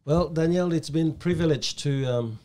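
A man hosting a podcast interview, asking questions haltingly and often repeating words as he goes. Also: a little high, darkish tone. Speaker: podcast host.

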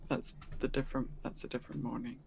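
A woman's voice: rumbling low, level tone, fast talker, vocal fry, a little mellow, a little hiss or hum. Playful woman co-streaming a game. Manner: playful, teasing, laughs a lot. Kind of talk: casual live-stream chat.

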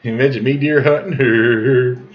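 Heard on a dull lo-fi recording, a southern Missouri man in his 40s tells a folksy tall tale slowly, his medium-pitched voice holding a steady tone. He rambles as he goes and chuckles on his tangents.

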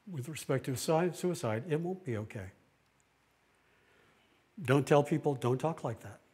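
A man's voice: fairly high pitch, expressive, a little mellow, slightly rough. Earnest middle-aged male pastor. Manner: earnest, plain-spoken, with pauses and restarts. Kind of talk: sermon-style talk.

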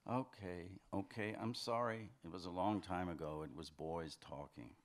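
A man's voice: low voice, steady tone, lightly acted. A man reading fiction aloud, voicing a brooding husband who hedges and stumbles before he answers. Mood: reluctant. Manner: hesitant, halting, defensive. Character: defensive husband, brooding and evasive. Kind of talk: literary reading, acted dialogue.

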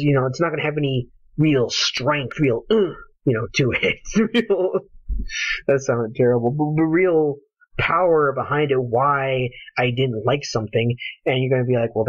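A man's voice: mid-range voice, no room sound. A man ranting angrily about a game, with passionate, profane talk. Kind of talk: heated solo rant. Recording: dull lo-fi home recording.

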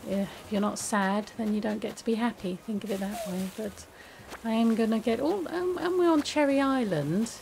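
A woman chatting casually while playing a game, with many restarts and a soft, hesitant way of talking. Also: a little high, normal speed, gravelly, few pauses, noisy background. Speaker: gaming video creator. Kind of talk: casual gameplay commentary.

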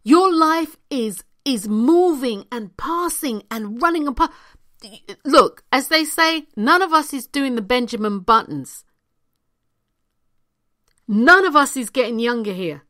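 A woman's voice: fairly high pitch, lively intonation, a little slow, sharp tone. A woman giving a motivational talk to her viewers, repeating key phrases with emphasis and sometimes dropping almost to a whisper. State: hiccuping. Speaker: spiritual coach.

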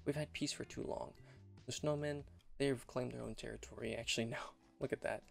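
A man's voice: medium pitch, fairly even intonation, a little fast, vocal fry, soft background music. A young man giving casual, rambling commentary on a god-simulation game, often repeating and restarting his phrases. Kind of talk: casual let's-play commentary.

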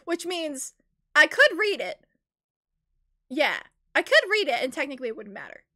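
A young woman with a high, bright voice talks through a game on a live stream. Her chat is excitable and rambling, punctuated by squealing giggles. The tone stays crisp and upbeat. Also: moderate pace. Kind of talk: casual live gameplay commentary.

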